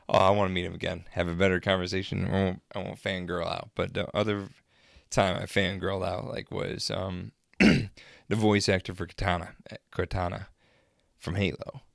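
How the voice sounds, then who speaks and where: A young man casually telling rambling, crude, excitable stories to his camera. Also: deep voice, moderate pace, gravelly, dry recording, studio quality. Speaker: vlogger. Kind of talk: casual storytelling.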